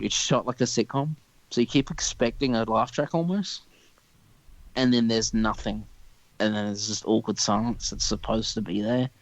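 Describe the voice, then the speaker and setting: A man's voice: on the low side, creaky, highs cut off. A young man in casual podcast chat, ranting with heavy swearing and strong opinions. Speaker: podcast co-host.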